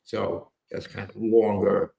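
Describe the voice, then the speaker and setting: Slow, gravelly man talking markets. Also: lowish voice, little pitch movement, mellow, echoey room. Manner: rambling and wry, with loose asides and mild cursing. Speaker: trading show host. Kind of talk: casual market commentary on a live stream. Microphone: earpiece with a microphone.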